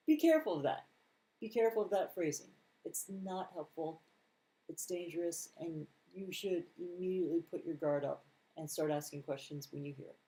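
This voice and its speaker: Slow, mellow-voiced man explaining scripture. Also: fairly high pitch, low-quality recording. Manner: reads scripture aloud, then comments plainly; conversational, with mild sarcastic asides. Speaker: Bible teacher. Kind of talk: casual Bible commentary.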